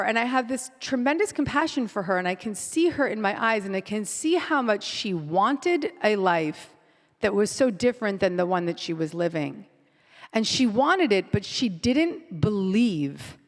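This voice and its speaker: A woman in her forties, her mid-pitched voice carrying through the long reverb of a live hall. She hosts the session and tells a personal story to the audience in vivid present tense. She keeps circling back and repeating key phrases. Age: 40s. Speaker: host.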